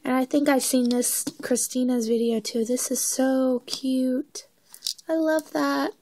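A woman chatting excitedly as she unboxes crafting mail, filming on her phone at home, gushing over each item. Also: high-pitched, slow pace, rough recording. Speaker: crafting vlogger. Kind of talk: casual unboxing chat.

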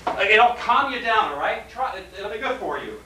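A woman acting the part of an exasperated, incredulous husband who yells and blusters after a burglary, in a class scene. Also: fairly high pitch, lively intonation, moderate pace, natural voice. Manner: blustering, incredulous, yelling outbursts. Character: exasperated middle-aged husband, loud and blustering. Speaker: acting student. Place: classroom stage. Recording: roomy and distant, faint noise.

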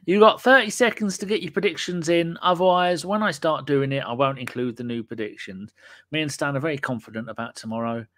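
A man's voice: fairly high pitch, a little fast, fairly bright tone. A man hosting a casual podcast and live chat. He talks in cheeky, sweary, jokey banter. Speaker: podcast host.

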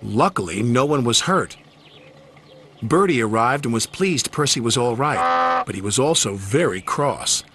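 A male narrator telling a children's storybook with a gentle, expressive delivery. His pitch moves a lot, and music plays underneath. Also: a little slow. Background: background music.

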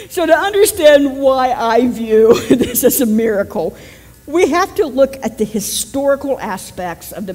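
A woman's voice: high voice, darkish tone, slightly rough, big-room sound. A woman pastor with a West Virginian accent, giving a conversational sermon and joking with her congregation. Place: church sanctuary.

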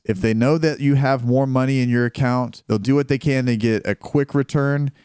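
A man's voice: medium pitch, a little mellow, clear, resonant tone. A man hosting and narrating a video, explaining things in a wry, explanatory manner. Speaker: host.

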